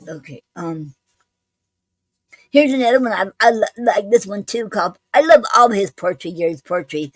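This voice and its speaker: A woman's voice: mid-range voice, animated, normal speed, no room sound, poor audio. A woman hosting a poetry show, reading poems aloud and chatting between them with many hesitant fillers and restarts.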